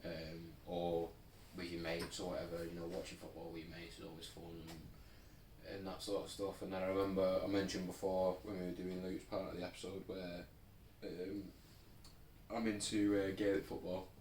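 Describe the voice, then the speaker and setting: A man's voice: low-pitched, flat delivery, moderate pace, a little mellow. A young man co-hosting a podcast in a laid-back, rambling chat full of fillers. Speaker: podcast co-host. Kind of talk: casual chat. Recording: roomy, distant mic, faint noise.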